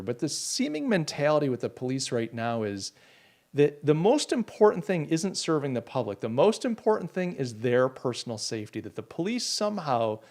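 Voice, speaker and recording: A man's voice: a little high, darkish tone. A man hosting a casual live talk show, rambling and indignant, with many restarts while he answers viewer comments. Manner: reads and answers chat comments. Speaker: podcast host.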